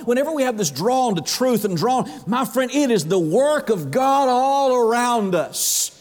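A man preaching a sermon in a church. His pitch swings widely, he stretches words for emphasis, and he asks rhetorical questions. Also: a little mellow. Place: church sanctuary. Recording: long hall reverb.

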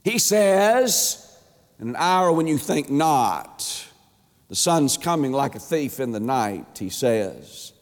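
A man preaching an emphatic sermon as a pastor, stretching words and swinging his pitch up and down. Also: sing-song, slow. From Georgia, USA. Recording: long hall reverb.

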